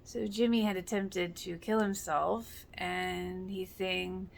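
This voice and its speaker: A woman's voice: on the low side, flat delivery, takes it slowly, gravelly. Earnest woman recapping a TV episode. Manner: earnest, emotional, many fillers. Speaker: reaction video host. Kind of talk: casual reaction commentary.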